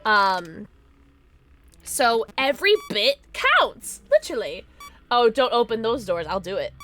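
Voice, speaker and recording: A woman's voice: fairly high pitch, very animated, a little slow, fairly bright tone, soft background music. A woman streaming a horror game live, chatting to viewers and squealing when startled. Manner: jumpy, squealing when scared, talks to chat. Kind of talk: live gameplay chat.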